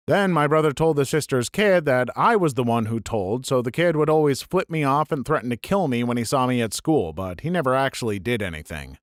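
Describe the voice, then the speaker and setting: A man's voice: medium pitch, no room sound, studio quality. A man reading online stories aloud and adding wry, joking asides between them. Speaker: narrator.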